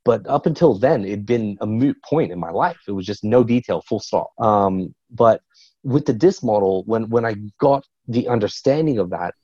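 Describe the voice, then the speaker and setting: A man who works as a business coach, talking as a podcast guest in a quick, energetic way and telling stories with a lot of animation. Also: lowish voice, husky, no echo, muffled recording. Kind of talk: podcast interview.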